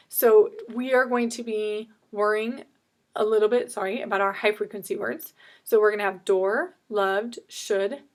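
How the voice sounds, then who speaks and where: Woman teacher doing an online reading lesson on a computer mic, slightly high voice, brisk, lots of "okay?". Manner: brisk, explanatory, checks with "okay?". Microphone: computer mic with screen share.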